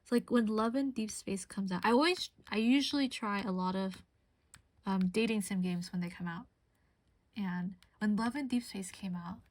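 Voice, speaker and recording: A woman's voice: a little high, no room sound. A woman streamer chatting casually while crafting, giggly and laughing often as she tells stories.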